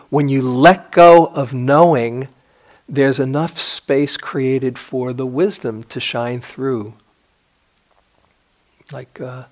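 An older man gives a dharma talk as a meditation teacher, his medium-pitched voice reflective and marked by gentle pauses and restarts.

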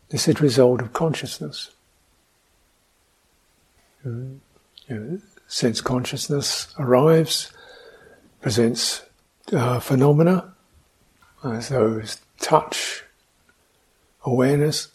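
A man giving a reflective meditation talk, speaking slowly, asking questions and adding soft hums between points. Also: medium pitch, husky. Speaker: meditation teacher. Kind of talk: dharma talk.

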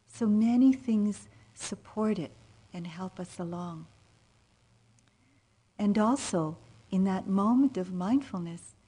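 A woman meditation teacher giving a dharma talk, speaking softly and unhurriedly, often trailing into near-whispers, with frequent gentle fillers. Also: medium pitch, takes it slowly, breathy edge. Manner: soft-spoken, drifting into near-whispers. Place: meditation retreat center.

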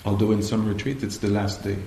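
A man giving a dharma talk at a meditation retreat, slow and hesitant, often pausing to search for the right words. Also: lowish voice, level tone, warm tone, slight background noise. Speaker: meditation teacher. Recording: echoey room, faint ambience.

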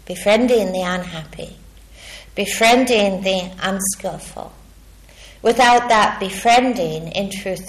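A woman meditation teacher giving a dharma talk in a measured, reflective way, pausing often and checking in with a questioning "hmm?". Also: mid-range voice.

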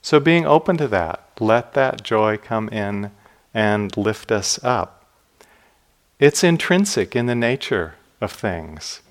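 A man with a fairly low voice gives a dharma talk in an unhurried, storytelling way. His tone stays gentle and reflective. The ends of his phrases sink quietly. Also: sing-song. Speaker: meditation teacher. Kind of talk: dharma talk with personal stories.

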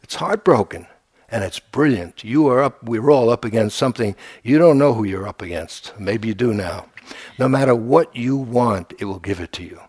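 Male meditation teacher, casual and wry, often restarting; mid-pitched, dry close sound. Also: animated, normal speed, darkish tone, breathy edge, no room sound. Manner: conversational, humorous, with frequent restarts. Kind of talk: dharma talk. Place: meditation retreat center.

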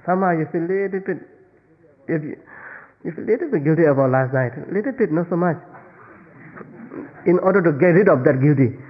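A Buddhist meditation teacher giving a dharma talk in simple, non-native English, playfully acting out little everyday scenes. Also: male voice, medium pitch. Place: meditation retreat hall. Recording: tinny lo-fi recording with long hall reverb.

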